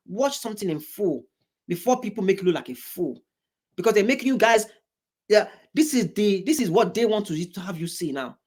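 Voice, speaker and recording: A man hosting a reaction video, talking in an animated, emphatic way, with big swings in pitch and many repeated, restarted words. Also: fairly quick. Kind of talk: reaction commentary.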